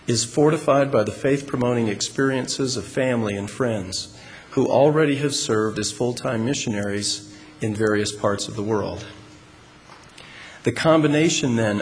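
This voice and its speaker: Deliberate man preaching in a reverberant hall. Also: medium pitch. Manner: measured, deliberate, emphatic. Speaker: religious speaker. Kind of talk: sermon to a congregation. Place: large hall with an audience. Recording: long hall reverb, faint room noise.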